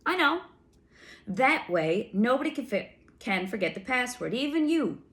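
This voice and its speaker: A woman voicing an outlaw sentry man with a high, trembling voice and a soothing, simple-minded manner. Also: very animated, measured pace, fairly bright tone, full character voice.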